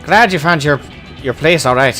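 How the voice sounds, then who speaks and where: A man's voice: normal speed, faint music behind. A man doing a blustering old dwarf hunter. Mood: rowdy. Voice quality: high, exaggerated brogue-like voice. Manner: hearty, blustering, loud greetings. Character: boisterous old male dwarf hunter, gruff.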